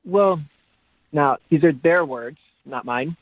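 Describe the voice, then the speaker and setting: A man's voice: on the high side, slow, dry recording. A young man on the phone to a radio show, hesitant and full of ums. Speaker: caller on the phone. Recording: dull phone line.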